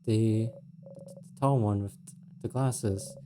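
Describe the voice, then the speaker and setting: A man streaming a game, reading its second-person narration aloud in a quiet, steady way. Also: lowish voice, slow pace, slight background noise.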